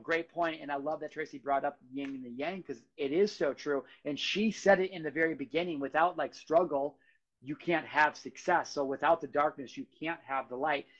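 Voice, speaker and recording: In a podcast studio, a man with a higher, slightly bright voice hosts his own show, delivering an earnest yet casual motivational monologue on his own. The recording has a dull lo-fi sound.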